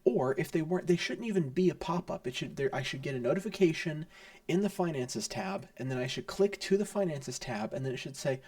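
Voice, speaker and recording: A man's voice: on the high side, lively intonation, fairly quick, darkish tone, distant mic. A man giving casual commentary over a strategy game, rambling, thinking aloud and grumbling about the interface. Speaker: strategy game let's player.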